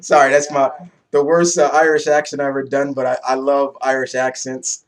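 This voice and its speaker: A young man giving a casual, excitable comic book review, loose and swearing freely. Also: medium pitch, normal speed.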